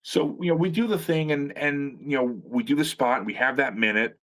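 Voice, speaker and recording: Middle-aged man, guest storyteller, sarcastic, swears a lot, rambling restarts, mid-pitched voice. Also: brisk, fairly bright tone. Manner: sarcastic humor. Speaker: guest, veteran pro wrestler. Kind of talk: casual storytelling chat.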